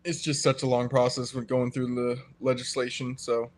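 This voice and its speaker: A man co-hosting a live stream, explaining in a relaxed way with many fillers. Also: mid-range voice, normal speed. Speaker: co-host and trader. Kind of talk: casual live-stream chat.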